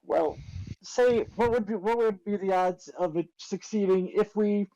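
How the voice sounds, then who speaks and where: A man's voice: high voice, a little slow, mellow, highs cut off. A man chatting casually as a player in a tabletop game, rambling with restarts and laughing often.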